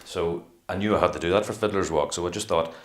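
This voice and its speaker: Deep-voiced man in an echoey room. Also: fast talker. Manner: animated, rambling, acts out quotes. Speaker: actor and interview guest. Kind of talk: casual interview talk.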